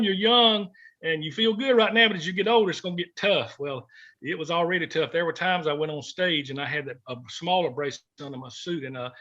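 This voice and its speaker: Folksy man, bright tense voice. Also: a little high. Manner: folksy, heartfelt, gets choked up. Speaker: guest, former gospel singer. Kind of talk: emotional storytelling interview. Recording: dull lo-fi recording.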